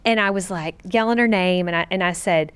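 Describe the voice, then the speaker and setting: A middle-aged woman co-hosting a podcast, telling a personal story in an earnest, animated, chatty way. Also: lowish voice, a little fast, smooth. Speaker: podcast co-host. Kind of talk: personal storytelling in a casual chat.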